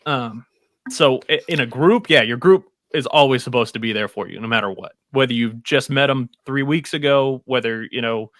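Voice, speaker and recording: A man's voice: medium pitch, moderate pace, a bit bright, no room sound, clean studio sound. A man co-hosting a podcast, giving opinionated, rambling explanations full of restarts and examples. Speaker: podcast co-host. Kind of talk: casual podcast chat.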